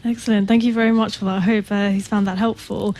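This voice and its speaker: A woman's voice: mid-range voice, level tone, fast talker, a little mellow. A woman hosts a radio interview from the studio. She speaks politely and encouragingly, with hesitant fillers between her questions. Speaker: radio host.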